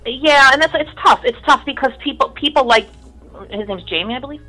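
A woman's voice: sits high, brisk, faint music behind, poor audio. A woman guest in casual chat, telling stories bluntly with lots of swearing and acted-out voices. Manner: blunt, profane storytelling with lively mimicry.

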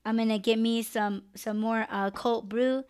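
A woman's voice: fairly high pitch, a little slow, clean tone. A young woman hosting a live podcast, venting bluntly and with lots of swearing. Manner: blunt, profane, animated venting. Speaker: podcast host. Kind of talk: casual live podcast rant.

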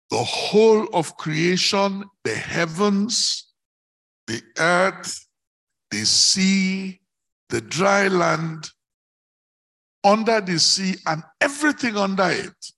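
A man preaching a sermon, slow and declamatory, rising into emphatic shouts on key words. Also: high-pitched, animated, vocal fry.

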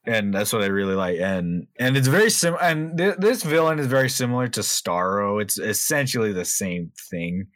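A man's voice: lowish voice, very animated, normal speed, hardly any pauses, fairly bright tone, no echo. A man co-hosting a podcast, chatting casually, rambling with lots of fillers and swearing freely. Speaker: podcast co-host. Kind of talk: casual chat.

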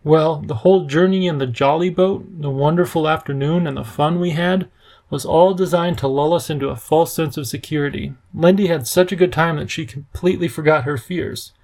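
Man reading a worried storybook professor; measured, gravelly, slightly high. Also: steady tone, a little mellow, lightly acted. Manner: measured, grave, sometimes bitter. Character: worried, earnest older male professor.

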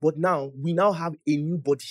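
A young man preaching a sermon, emphatic and animated, swinging from loud declarations to soft asides. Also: a little high, a little fast. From Nigeria.

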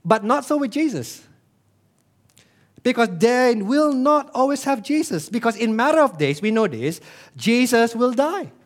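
A male pastor, preaching a sermon in a church, animated, with rhetorical questions and sudden drops to a hush. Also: extremely high pitch, measured pace.

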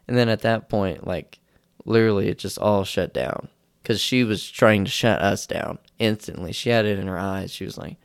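A man's voice: medium pitch, expressive, normal speed, creaky, no room sound, studio quality. A young man hosting a podcast, telling a rambling, self-deprecating story in casual talk and acting out the quotes in raised voices. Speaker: podcast host.

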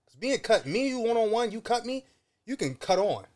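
A man in casual chat, animated, acting out quotes with big jumps in pitch. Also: a little fast.

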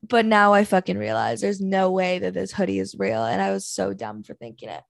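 Young woman ranting on her home podcast, lots of fry, swears a ton, dead dry sound. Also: lowish voice, sing-song, brisk, no echo. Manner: rambling, profane and exasperated storytelling. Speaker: podcast host. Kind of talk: casual solo podcast rant. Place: small house at home.

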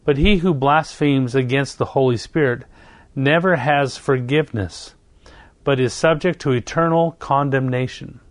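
A man's voice: mid-range voice, measured pace, no room sound. A man preaching a sermon, reading scripture and telling a personal story in an earnest, repetitive way. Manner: earnest storytelling, repeats phrases, occasional self-corrections.

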